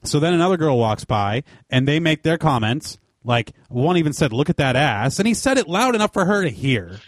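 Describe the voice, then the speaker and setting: A man co-hosting a podcast, telling a story in a casual, animated way with plenty of swearing. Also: on the high side, a little fast, no room sound. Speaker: podcast co-host.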